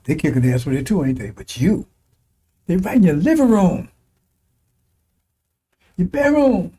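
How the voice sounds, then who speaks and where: High-voiced man preaching with mocking scorn. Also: very animated, normal speed, mellow, a little hiss or hum. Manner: mocking, scornful, breaks into laughter, repeats phrases. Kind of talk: impassioned religious broadcast sermon.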